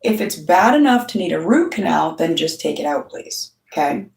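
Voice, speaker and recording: A middle-aged woman host with a low, creaky, darkish voice speaks expressively at normal speed, recorded from a distance. Her casual monologue to camera is a blunt story full of swearing and quoted voices. The sound is roomy and off-mic.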